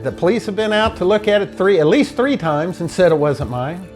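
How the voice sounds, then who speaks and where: A man telling his own true story in an animated, frustrated way, acting out the people he dealt with. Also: high voice, normal speed, soft background music. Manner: animated, frustrated retelling with quoted dialogue. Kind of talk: personal storytelling.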